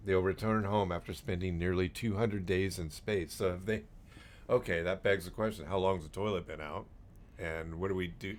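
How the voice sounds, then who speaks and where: A man's voice: sits low, steady tone, moderate pace. A man co-hosting a podcast, chatting casually about odd news and laughing often. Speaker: podcast co-host.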